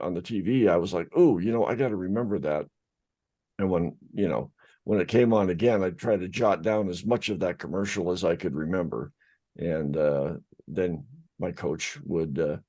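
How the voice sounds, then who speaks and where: A man's voice: low-pitched, dark tone. A man co-hosting a casual group chat about voiceover work, telling stories in a rambling way with many fillers. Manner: rambling, filler-heavy storytelling. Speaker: podcast co-host, voice actor.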